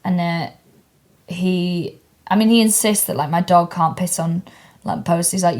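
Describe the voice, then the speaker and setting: A woman's voice: lowish voice, brisk, a little mellow. Sweary woman telling blunt stories. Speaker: podcast co-host. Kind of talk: casual comedic chat.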